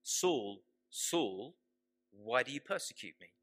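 A man voicing Jesus speaking from heaven, reading the quoted words in a low, quiet, measured way. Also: sing-song, no room sound, full character voice. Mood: solemn.

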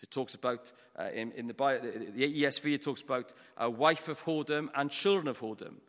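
A Welsh man giving a storytelling sermon, moving between hushed, quiet passages and loud, forceful ones. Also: mid-range voice, brisk, in a large hall. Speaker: preacher. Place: church.

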